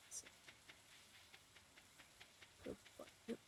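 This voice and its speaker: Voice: mid-range voice, big pitch swings, moderate pace, creaky, noisy background. A game streamer giving live commentary, muttering to themself while playing and now and then talking to chat.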